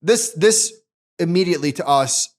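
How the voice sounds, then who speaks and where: A man co-hosting a finance podcast, chatting casually, animated and restarting sentences often. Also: fairly high pitch, moderate pace. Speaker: podcast co-host.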